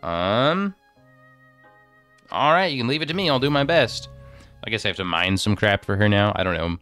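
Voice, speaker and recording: A man's voice: lowish voice, lively intonation, moderate pace, fairly bright tone, faint music behind. A young man streaming a video game, thinking aloud and rambling through menus in casual commentary into a desk microphone.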